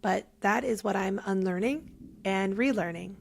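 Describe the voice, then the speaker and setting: A woman's voice: mid-range voice, moderate pace, gravelly. A young woman giving a heartfelt, emotional faith testimony as a podcast guest, at times close to tears.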